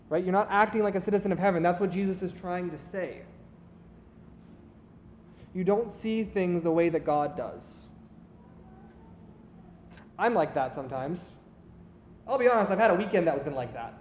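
Man, sermon, earnest storytelling, high voice, long hall reverb. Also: normal speed, long pauses, darkish tone, a little hiss or hum. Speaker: preacher.

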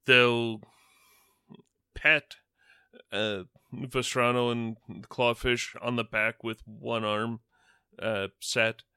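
Slow, clear-voiced game master man. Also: mid-range voice, level tone, bright, forceful tone, no room sound, studio quality. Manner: measured, descriptive, with frequent fillers. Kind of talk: narrating a tabletop game.

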